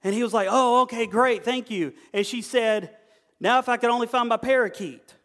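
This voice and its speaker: A man's voice: extremely high pitch, moderate pace, fairly bright tone. A man preaching to a group, telling funny stories folksily and acting out the people in them. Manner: folksy, storytelling, acts out quoted voices. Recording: long hall reverb.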